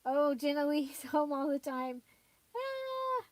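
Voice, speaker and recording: A woman who hosts a crafting channel chats casually in a livestream, rambling with frequent fillers and little laughs. Her voice sits high and a little mellow, with a flat delivery at a measured pace and no room sound.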